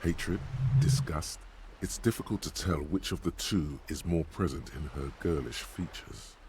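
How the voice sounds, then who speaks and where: An actor voicing a grave, omniscient narrator describing scenes in a video game, solemn and descriptive. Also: male voice, rumbling low, measured pace, a little mellow, a little hiss or hum.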